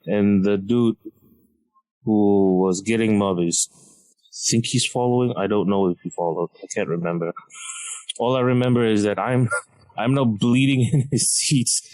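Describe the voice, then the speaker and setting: A man, a comedian telling a story on a podcast in an animated, self-mocking way and laughing mid-sentence. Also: on the low side, a little slow, no echo, poor audio. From Malaysia.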